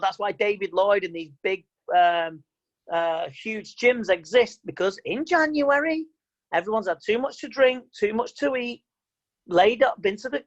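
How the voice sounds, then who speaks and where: Man, mind coach, animated and chatty, online seminar. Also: high-pitched, dull audio. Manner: animated, chatty, quotes people in mock voices. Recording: video call audio.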